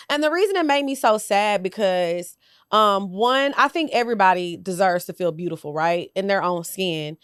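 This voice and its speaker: A woman's voice: medium pitch, normal speed, a bit bright, smooth, dry recording, clean studio sound. A young woman hosting a podcast, giving sassy, blunt commentary straight to her viewers. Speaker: podcast host. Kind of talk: casual commentary.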